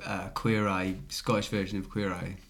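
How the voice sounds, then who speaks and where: A male podcast host talking casually with a bright, forward voice. He keeps things easygoing and chatty and laughs often. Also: sits low, little pitch movement, normal speed, vocal fry.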